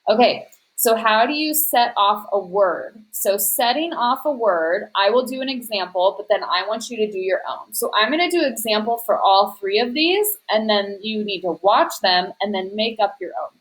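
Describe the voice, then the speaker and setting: A woman's voice: mid-range voice, normal speed, poor audio. A woman teacher walking students through a grammar worksheet, explaining patiently step by step and speaking directly to her class. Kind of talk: recorded class lesson.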